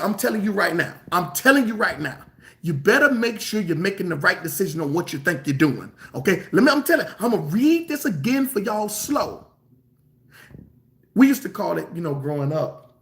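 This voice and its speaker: A man preaching a sermon in an emphatic, colloquial way, repeating phrases for stress and drawing some words out slowly. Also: on the high side, a bit bright.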